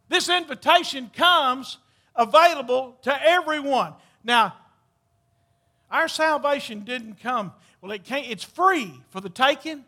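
A man, preaching a sermon with impassioned calls that drop to hushed storytelling. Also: very high voice, animated, a little slow. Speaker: pastor.

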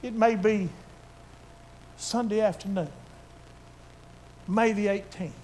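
A man's voice: sits high, fairly even intonation, takes it slowly, darkish tone, slight background noise. An older man preaching a sermon to his church, fervent and emotional in his delivery. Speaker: pastor.

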